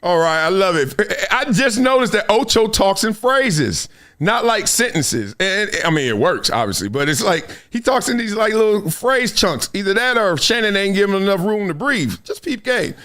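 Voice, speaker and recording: A male show host giving animated, slangy reaction commentary, laughing and mimicking the people in the clips. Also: sits high, moderate pace.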